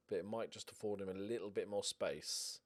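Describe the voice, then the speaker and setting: A man giving casual gaming commentary as a streamer, getting excited and swearing as he cheers on his team. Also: on the low side. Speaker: game streamer.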